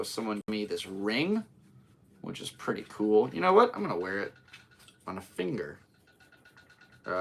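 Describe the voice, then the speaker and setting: Young male podcast host, low and gravelly, easygoing rambler, recording at home on a laptop. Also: fairly bright tone, slight background noise. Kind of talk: casual live podcast chat.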